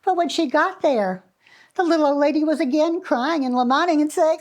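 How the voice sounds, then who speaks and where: A woman storyteller telling a fairy tale to children in an animated, expressive way with dramatic pauses. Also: high-pitched.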